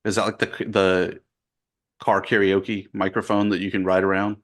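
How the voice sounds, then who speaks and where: A man's voice: low-pitched, little pitch movement, normal speed. A man co-hosting a casual sports podcast, running through scores and news in a dry, matter-of-fact way. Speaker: podcast co-host.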